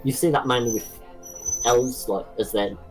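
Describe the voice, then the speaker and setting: A man's voice: medium pitch, normal speed, over music, low-quality recording. Man running a tabletop game. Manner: explaining with many restarts. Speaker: game master.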